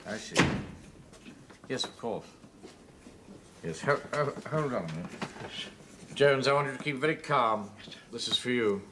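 Brief: male actor as a blustering, snobbish officer, animated and self-satisfied. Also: mid-range voice, unhurried, pauses often, background noise, lightly acted. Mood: officious. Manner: pompous, self-important, blustering. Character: pompous middle-aged male captain, bank-manager type.

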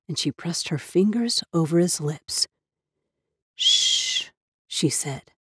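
A woman reading a spooky story as narrator, with a measured, dramatic manner. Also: lowish voice, darkish tone, dry recording, studio quality. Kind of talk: scripted ghost story narration. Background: faint music.

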